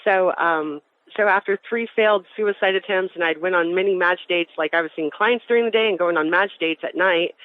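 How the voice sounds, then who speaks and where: A woman from Colorado giving personal testimony as an interview guest, talking in fast, urgent phrases that restart often. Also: medium pitch. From Colorado, USA. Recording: tinny phone-like line with faint hiss.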